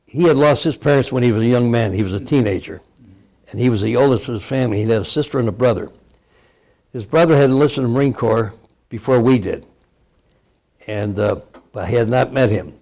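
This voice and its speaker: In a mid-range, slightly mellow voice, this Cleveland, Ohio veteran in his eighties speaks briskly but leaves long pauses. He rambles and chuckles a lot while recounting his life for an oral history interview.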